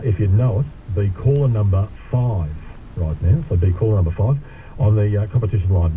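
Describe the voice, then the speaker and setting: Chatty male radio host. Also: lowish voice. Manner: chatty, matey, casual Australian radio banter. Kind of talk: talk radio hosting. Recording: tinny radio broadcast with faint noise.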